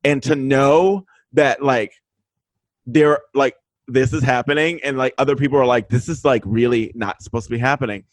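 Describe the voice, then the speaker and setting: A man, the guest, telling a story in a casual chat, animated and profane, loudly acting out what people said. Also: mid-range voice, moderate pace, no room sound, poor audio. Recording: remote link.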